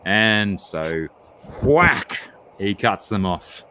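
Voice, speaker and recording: A man chatting on a late-night stream and telling a long joke in a drawn-out, deliberate way. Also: low voice, fairly bright tone, slight background noise. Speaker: stream guest. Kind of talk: casual chat and joke telling.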